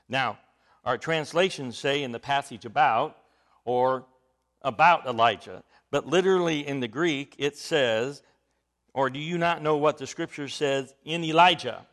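A man's voice: mid-range voice, fairly bright tone. A man preaching a sermon, teaching from scripture in an emphatic way, with frequent rising bursts of emphasis.

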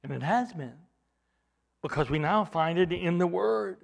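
Male preacher, high voice, sermon delivery that climbs and falls for emphasis. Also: animated, measured pace, creaky. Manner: rising and falling emphasis, repeats words while building points.

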